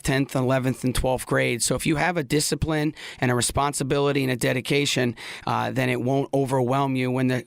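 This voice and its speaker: Gravelly man with a New York accent. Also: medium pitch, no room sound. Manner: earnest, plain-spoken with repeated restarts. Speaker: guest, high school basketball coach and teacher. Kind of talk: interview answers.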